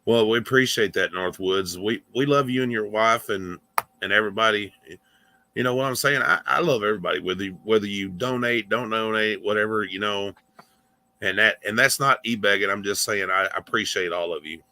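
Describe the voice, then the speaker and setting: A man's voice: fairly low pitch, a little fast, pushed and bright. A man co-hosting a live stream, joking with viewers and laughing often as he reads the chat aloud. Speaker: livestream co-host.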